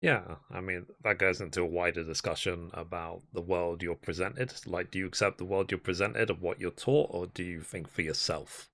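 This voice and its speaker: A man's voice: sits low, normal speed, hardly any pauses, soft background music. A man hosting a reaction video, chatting casually to viewers between clips. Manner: relaxed, conversational asides to viewers. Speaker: reaction channel host.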